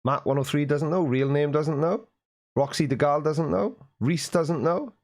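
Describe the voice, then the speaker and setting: A Welsh man hosting a casual live stream from his desk at home, reading viewer comments in a chatty, teasing way and often clearing his throat. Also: fairly high pitch, normal speed, darkish tone.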